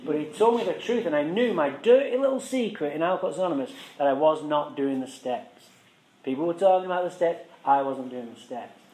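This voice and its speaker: A man tells a raw personal story to a gathered audience, swearing freely and joking wryly. His voice sits slightly high for a man. The room echoes loudly behind him. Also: lively intonation, a little fast. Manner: frank, profane, wry, conversational. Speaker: speaker sharing his recovery story.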